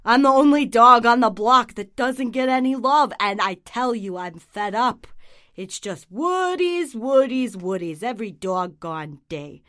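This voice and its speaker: A woman's voice: on the high side, lively intonation, a little slow, a bit bright, pitched below the performer's own voice. A woman voicing a fed-up, neglected dog in a comic ad, whining and complaining. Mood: grumbling. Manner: whiny, complaining. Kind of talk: comic ad voice-over.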